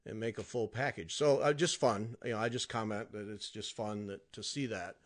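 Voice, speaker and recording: A man hosting an interview podcast, speaking in a halting way with many restarts while complimenting his guest. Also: lowish voice, fairly even intonation. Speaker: podcast host. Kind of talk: casual interview chat.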